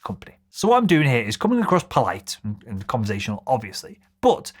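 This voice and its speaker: Upbeat man, sales coach explaining cold calls, animated delivery. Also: medium pitch, fast talker, husky. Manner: energetic, acts out cold-call lines with a bright upward lilt. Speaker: sales trainer. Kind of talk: scripted sales lesson to camera.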